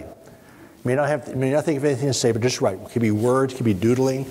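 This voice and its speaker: Calm man leading a workshop in a hall. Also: mid-range voice, quick pace. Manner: calm, instructive, gives step-by-step directions. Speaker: spine surgeon giving a workshop. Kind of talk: guided exercise and lecture to an audience. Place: conference hall. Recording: husky voice in a reverberant hall.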